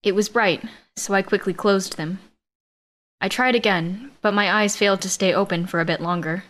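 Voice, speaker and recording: A woman narrating a science-fiction romance in first person, with a steady, even storytelling read. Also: medium pitch, moderate pace. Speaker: audiobook narrator.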